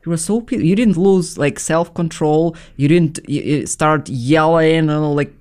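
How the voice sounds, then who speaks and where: A woman's voice: deep voice, a little slow, a little mellow. A woman in her late thirties with an Eastern European accent, hosting a casual interview and talking animatedly with many fillers and restarts. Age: 30s. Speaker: host.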